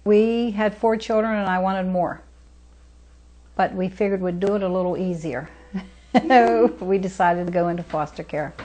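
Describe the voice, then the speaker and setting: Speaking unhurriedly in a warm, medium-pitched voice, an older woman shares her experiences as a foster mother in a documentary interview. She acts out dialogue and uses folksy grammar in a homespun way. Music runs beneath her voice in this low-quality recording.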